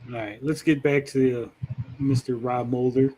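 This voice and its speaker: A man's voice: medium pitch, steady tone, normal speed, mellow, a little hiss or hum. A man hosting a casual panel chat about games, rambling with lots of fillers and the odd swear. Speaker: podcast host.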